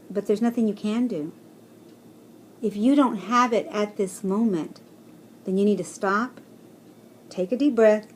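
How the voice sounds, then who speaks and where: A woman's voice: mid-range voice, a little hiss or hum. A woman talking casually to her viewers in a personal vlog, rambling and encouraging, with many fillers. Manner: chatty, rambling, with fillers and soft laughs; encouraging, speaks to viewers directly. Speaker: vlogger.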